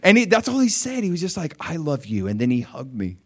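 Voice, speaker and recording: A man preaching a sermon as a personal story, conversational with fillers and questions to the listeners, swinging from hushed tones to loud shouts. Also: high voice, wildly swooping pitch, quick pace. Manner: emotional storytelling with big swings from quiet to shouting.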